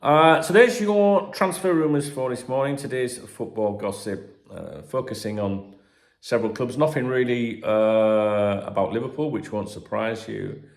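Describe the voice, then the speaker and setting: A man's voice: medium pitch, measured pace. A middle-aged man hosting a football channel, reading transfer gossip in a casual, chatty way with cheeky jokes and the odd swear word. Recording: roomy echoey room.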